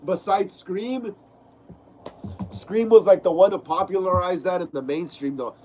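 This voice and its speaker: A man's voice: high voice, measured pace, a little mellow, slight background noise. A young man with a stuffy nose from a cold, hosting a casual live stream from home, reading chat aloud and saying bro a lot. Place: home room.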